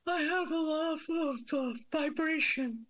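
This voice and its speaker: A coy mystery psychic, as a performer puts on the voice, high-pitched and strangely muffled, as if heard through a bubble. The voice is of unclear sex and gives evasive, teasing answers. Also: measured pace, fairly bright tone. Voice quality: muffled, distorted-sounding voice.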